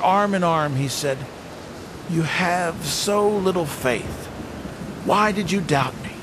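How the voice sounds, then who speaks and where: A man's voice: high-pitched, gravelly, background noise. A man telling as an awed, stammering fisherman disciple. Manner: halting, stammers with wonder. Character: fisherman disciple recalling his teacher, earnest. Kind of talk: dramatic first-person storytelling.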